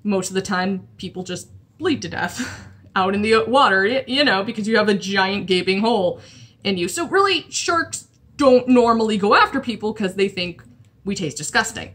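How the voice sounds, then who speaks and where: A woman's voice: medium pitch, animated, normal speed, fairly bright tone. A woman chatting casually about a comic while drawing, rambling with lots of restarts. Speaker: comic art vlogger.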